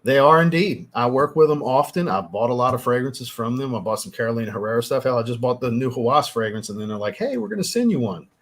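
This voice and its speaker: A man's voice: medium pitch, fast talker, hardly any pauses, fairly bright tone. A man hosting a casual livestream, chatting with viewers and thanking them, laid-back and swearing now and then. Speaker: livestream host, fragrance reviewer. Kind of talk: casual livestream chat reading super chats.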